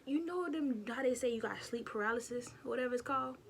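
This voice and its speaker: A young woman vlogger telling a childhood story in a chatty, animated way, talking straight to her viewers. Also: a little high, fast, background noise. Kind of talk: casual storytime.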